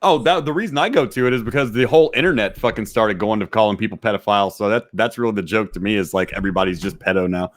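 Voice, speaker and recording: A man's voice: lowish voice, quick pace, hardly any pauses. Brash, profane man riffing on live chat. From Texas. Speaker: podcast guest. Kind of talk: crude casual chat reading live chat.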